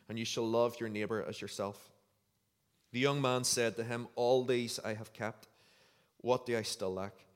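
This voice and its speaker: Male pastor, sermon, earnest conversational delivery, mid pitch, long reverb from the church hall. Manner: earnest, conversational preaching with scripture reading.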